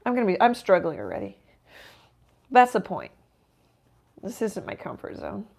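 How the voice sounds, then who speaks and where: A middle-aged woman hosting a live painting stream, thinking aloud as she works and often dropping to a soft murmur. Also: medium pitch, wildly swooping pitch, normal speed, gravelly. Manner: self-deprecating, thinking aloud while working, drops to soft murmurs. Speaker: painting livestream host. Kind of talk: casual live painting chat.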